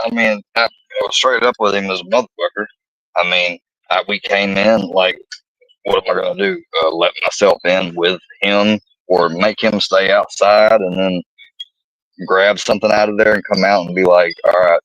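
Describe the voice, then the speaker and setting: A man's voice: mid-range voice, fairly bright tone, no echo, dull audio. A young man ranting about a personal dispute, profane and rambling, exasperated. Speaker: vlogger telling a personal story. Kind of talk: heated personal rant.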